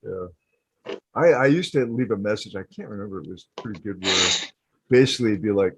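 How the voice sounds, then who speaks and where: A man's voice: lowish voice, expressive, moderate pace, husky, dry recording. A man chatting casually on a podcast, playful, laughing often and acting out silly phone voices. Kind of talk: casual chat. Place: home setup on a video call.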